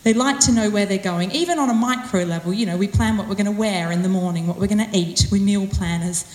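A woman delivers a personal sermon in a chatty, self-deprecating way, leaning on words with playful emphasis. Her voice sits at a middling pitch. It rings through a roomy hall with a long reverb tail. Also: fast talker, a little mellow. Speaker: church speaker.

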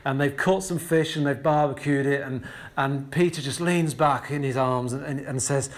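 A man preaching a sermon in a conversational way, slowing down to stress key words and repeating them for emphasis. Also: medium pitch, fairly even intonation. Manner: conversational asides with frequent fillers and restarts.

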